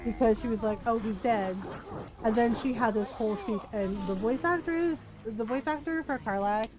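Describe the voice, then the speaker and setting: A woman streams a game and chats casually to her viewers. She gushes and laughs a lot, swears freely, and her voice sits a little on the high side. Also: moderate pace, low-quality recording. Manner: animated, gushing, laughs often, swears casually.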